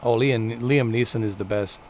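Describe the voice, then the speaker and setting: A man's voice: medium pitch, steady tone, normal speed, a little mellow, a little hiss or hum. A man streaming a flight game, giving chatty, playful live commentary to his viewers. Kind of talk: casual gameplay commentary.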